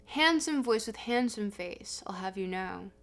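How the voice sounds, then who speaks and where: Chatty streamer woman, slow talk. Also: medium pitch, lively intonation. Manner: chatty, reads chat aloud, sings along. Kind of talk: casual stream chat with singing. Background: music.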